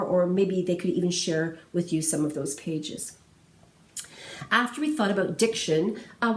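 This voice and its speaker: A woman giving a singing lesson, explaining diction, phrasing and breathing in a clear, encouraging, methodical way. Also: lowish voice. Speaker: vocal music instructor. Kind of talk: instructional talk to singers. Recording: roomy sound from a distance.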